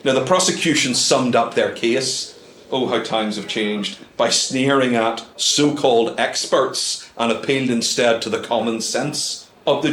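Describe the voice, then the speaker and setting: A man's voice: mid-range voice, a bit bright, echoey room, slight background noise. Wry man giving a talk. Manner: wry, dry asides with many ums and uhs. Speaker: guest speaker. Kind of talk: humorous club talk. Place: club meeting room.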